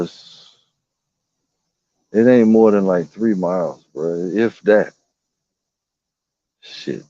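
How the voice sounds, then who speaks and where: A man's voice: low-pitched, dark tone, dry recording, lo-fi sound. A man vlogging outdoors in the woods, telling rambling, profane stories and putting on voices for animals. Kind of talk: casual storytelling vlog.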